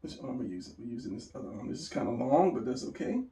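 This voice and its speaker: A man's voice: mid-range voice, wildly swooping pitch, racing, dark tone. A man giving a casual drawing lesson, rambling and talking to himself as he sketches. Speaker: drawing instructor. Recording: echoey room, voice from a distance.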